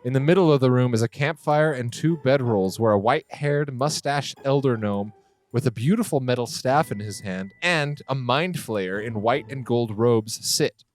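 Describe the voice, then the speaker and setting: A man narrating a tabletop game as game master, relaxed and a little hesitant. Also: medium pitch, normal speed.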